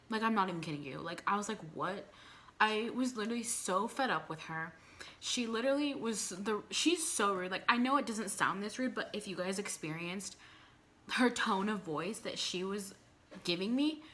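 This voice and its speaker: A woman's voice: mid-range voice, normal speed. A young woman telling a personal story time on her vlog, speaking animatedly and filling her talk with constant "like"s. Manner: animated storytelling with frequent "like" fillers. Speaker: vlogger.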